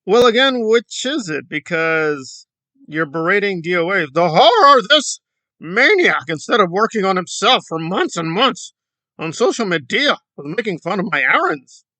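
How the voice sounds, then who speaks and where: A man's voice: high voice, sing-song, normal speed, pushed and bright, no echo. A man giving sarcastic, mocking commentary on an online video feud. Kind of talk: reaction commentary.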